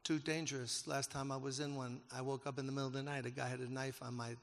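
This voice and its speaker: A male pastor tells a story from the pulpit in a gravelly voice, pitched in the middle range. He turns emotional and pushes up to loud, emphatic peaks. His words ring out with a long reverb, as in a large church hall. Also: level tone, quick pace. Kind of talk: sermon storytelling.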